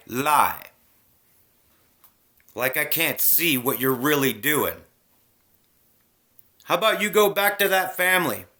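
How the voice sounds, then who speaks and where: Straight to camera, a man launches into a heated spiritual rant full of profanity. He preaches in a bright, forceful voice whose pitch swings widely.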